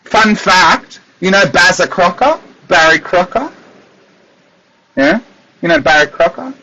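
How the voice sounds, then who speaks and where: A chatty Australian man hosts a livestream, his husky voice bright and fairly high as he laughs his way through stories. His speech swoops up and down with a lot of expression. The sound is dull and lo-fi, like a basic webcam stream. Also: measured pace. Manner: animated, chatty, laughs often. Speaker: psychic medium and livestream host. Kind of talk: casual livestream chat to viewers. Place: at a desk at home.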